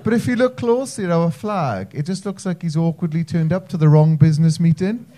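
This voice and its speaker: A young man from North Wales does a stand-up set in a comedy club, cheekily bantering with the crowd and poking fun at himself. His voice is a little high, fairly quick and dark-toned, with some chatter in the background.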